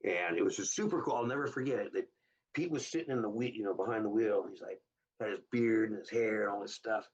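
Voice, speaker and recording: A husky, fairly low-voiced man in his fifties tells his stories as a guest and slips into the voices of the people he quotes. He sounds a little distant from the mic, and the recording is dull and lo-fi. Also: fast. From Southern California. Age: 50s. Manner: animated storyteller who acts out quoted dialogue in a raised voice. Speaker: guest, hot rod builder. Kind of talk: casual interview storytelling.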